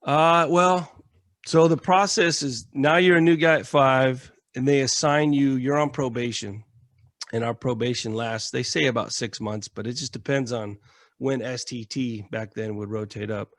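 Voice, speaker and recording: A man from the United States, a military veteran and podcast guest, telling stories in a casual, animated way, acting out quotes and swearing freely. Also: medium pitch, normal speed, no echo, studio quality. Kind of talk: casual storytelling.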